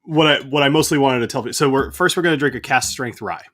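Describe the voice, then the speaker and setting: A man's voice: mid-range voice, fast talker, fairly bright tone. Chatty male whiskey channel host. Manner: enthusiastic, chatty, frequent fillers like "like". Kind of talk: casual conversational interview.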